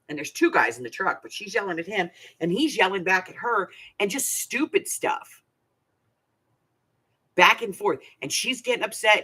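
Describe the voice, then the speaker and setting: A woman's voice: medium pitch, a bit bright, breathy edge. An older woman hosting a craft channel, telling a rambling, chatty story with many asides. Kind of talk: casual storytelling vlog.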